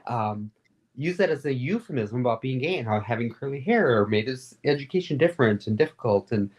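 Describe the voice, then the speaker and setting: A woman being interviewed, telling stories in a rambling, animated and candid way, with frequent fillers. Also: very deep voice, brisk. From Florida. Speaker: guest, advocate and radio host. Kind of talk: casual interview storytelling.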